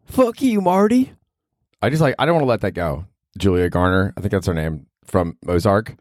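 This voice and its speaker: A man's voice: deep voice, animated, brisk, no echo, clean studio sound. A man from Cleveland, Ohio, hosting his own solo podcast in a rambling, self-deprecating way, swearing casually. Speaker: podcast host.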